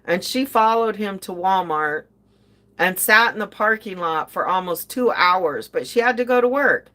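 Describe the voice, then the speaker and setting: A woman's voice: mid-range voice, lively intonation, moderate pace, bright, forceful tone. An older woman telling a story in casual chat, indignant and sarcastic as she recounts it. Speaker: podcast host.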